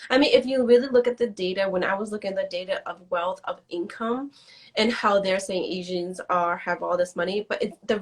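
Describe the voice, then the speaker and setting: Animated woman guest, mid-pitched. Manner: animated, quick bursts, acts out quoted exchanges. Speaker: guest, business strategist. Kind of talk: casual interview chat.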